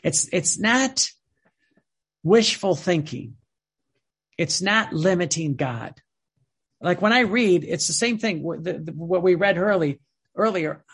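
A man's voice: high voice, lively intonation, slow, long pauses, a bit bright, husky. A man preaching a sermon in a fervent way, repeating words and phrases for emphasis.

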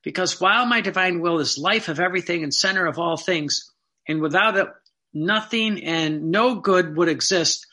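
A man's voice: high voice, normal speed, sharp tone. A man giving a Catholic sermon, reading devotional passages aloud and explaining them in plain, earnest asides. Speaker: Catholic preacher.

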